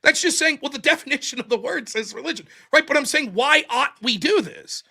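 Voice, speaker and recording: A man hosting a debate show, recapping a heated debate in a casual, profane, animated way and quoting his opponent. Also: very high-pitched, fairly quick, creaky. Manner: animated, profane, quotes opponents in mocking voices.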